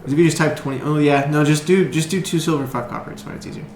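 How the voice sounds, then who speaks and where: A man narrating as game master for a tabletop game, talking in a casual and relaxed way. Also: fairly high pitch, fast talker, vocal fry. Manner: relaxed, casual, laughing easily. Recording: roomy echo with faint noise.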